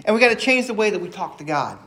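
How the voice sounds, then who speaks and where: A man's voice: high voice, sing-song, fast, a bit bright. A man preaching a sermon on prayer in an earnest, conversational way, acting out sample prayers as he goes.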